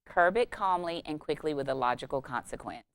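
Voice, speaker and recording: Woman, low voice, smooth, calm measured delivery, scripted advice segment. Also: no room sound. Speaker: parenting tip presenter.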